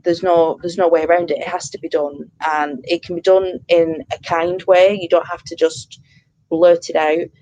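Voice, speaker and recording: A woman in her thirties, a pet bereavement counsellor, talking earnestly and warmly in an interview, with many fillers and restarts. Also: lowish voice, flat delivery, normal speed, a little hiss or hum, rough recording. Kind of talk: interview conversation.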